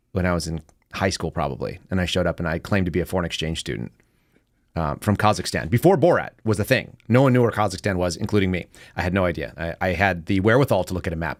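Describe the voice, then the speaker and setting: A man hosting a casual political talk show, rambling with quick joking asides. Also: deep voice, animated, no room sound, clean studio sound. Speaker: podcast host.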